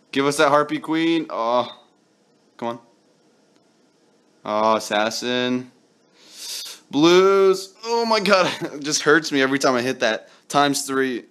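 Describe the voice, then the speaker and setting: Excitable young man on a game stream. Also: mid-range voice. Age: young adult. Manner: excitable, pleading with the game, yells when lucky. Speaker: mobile game YouTuber. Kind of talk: gameplay commentary.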